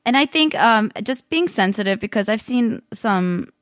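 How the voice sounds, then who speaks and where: A woman's voice: on the high side, expressive, moderate pace, fairly bright tone, no echo, clean studio sound. A young woman in casual conversation, speaking thoughtfully and hedging her points with fillers.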